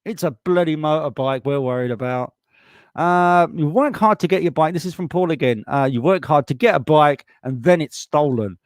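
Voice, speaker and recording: A British-accented man hosts a live stream, reading viewer comments in a casual, blunt way and swearing freely as he gets heated. His voice is on the high side at normal speed, captured on a desktop USB microphone with clean studio sound and no room sound.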